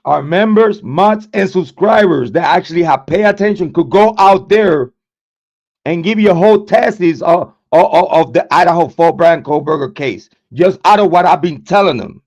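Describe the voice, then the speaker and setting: On a lo-fi, dull-sounding livestream, a true crime channel host launches into a profane, combative rant full of repeated words and stammered restarts. He's high-pitched, with a darkish tone, and talks at a moderate pace.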